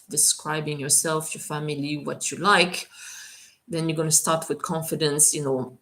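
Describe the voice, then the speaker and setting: A woman teaching French on a live stream, talking in a relaxed, chatty way full of fillers. Her voice sits low and she takes her time. She slows right down to spell out careful French examples. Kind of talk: live Q&A tutoring session.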